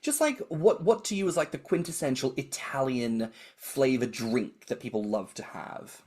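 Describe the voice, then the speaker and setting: An Australian man co-hosting a podcast, chatting casually and telling animated stories, acting out quoted voices and swearing freely. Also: mid-range voice, normal speed, breathy edge. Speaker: podcast co-host. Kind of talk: casual chat.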